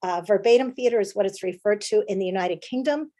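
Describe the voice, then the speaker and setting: A woman's voice: mid-range voice, fast, warm tone. A woman from the United States, a playwright and director giving a conversational presentation, with lots of fillers and restarts. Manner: chatty with frequent fillers and restarts.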